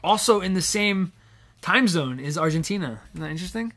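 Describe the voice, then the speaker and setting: High, bright-voiced man chatting on a stream. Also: lively intonation, a little fast. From Massachusetts. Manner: chatty, reads out viewer comments. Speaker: pianist streaming live. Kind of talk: casual live-stream chat. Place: home studio.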